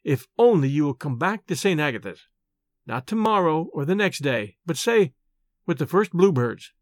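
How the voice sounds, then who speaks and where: A man reading aloud and voicing an earnest, refined young woman who speaks in a hurried, pleading way. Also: on the high side, big pitch swings, dry recording, clean studio sound. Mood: wistful.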